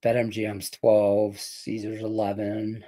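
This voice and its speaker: This sports betting podcast host, a middle-aged man from Detroit, speaks extremely slowly in a warm, monotone, fairly low voice. His casual chat with picks drifts into a rambling, profane story loaded with fillers.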